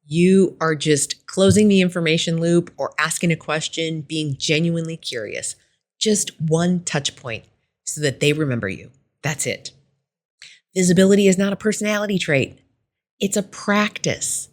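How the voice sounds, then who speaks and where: A woman's voice: low voice, moderate pace. A middle-aged woman hosting a workplace advice podcast, telling a story in a conversational coaching tone. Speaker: podcast host.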